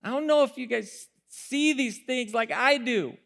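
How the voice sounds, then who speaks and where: A male pastor preaching a sermon, telling the story with animated voices, laughter and occasional shouts. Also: extremely high pitch, unhurried, gravelly.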